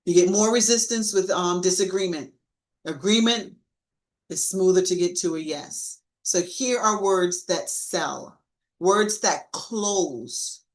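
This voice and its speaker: A woman giving a live-streamed sales training talk, coaching with lively emphasis and acting out sample lines to clients. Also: on the low side, a little slow, poor audio.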